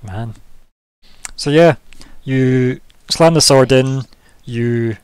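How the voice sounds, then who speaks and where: A man narrating as game master of a tabletop game, talking in an animated way with many fillers. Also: medium pitch, drawn-out words, clean tone, no room sound.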